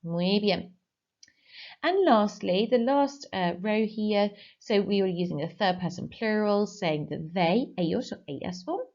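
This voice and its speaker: A woman teaching a recorded Spanish lesson, giving clear explanations and slowly modelling phrases for pupils to repeat. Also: mid-range voice, darkish tone, muffled recording. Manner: slow, clearly modelled pronunciation for repetition. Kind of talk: recorded online language lesson.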